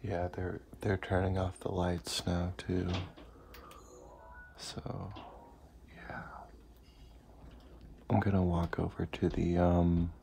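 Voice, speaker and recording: Young male let's-play host, deep-voiced and unhurried, hushed at home at night, faint room hiss. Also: level tone, vocal fry. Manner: talking quietly so people at home won't hear. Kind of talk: casual gameplay commentary.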